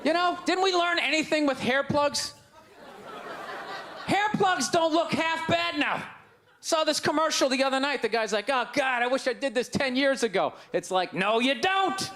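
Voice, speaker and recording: A man in his forties doing a loud, exasperated, mocking stand-up rant on a club stage with a handheld mic. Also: very high-pitched, normal speed. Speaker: stand-up comedian. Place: comedy club stage before a live audience. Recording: live club recording with crowd laughter and noise.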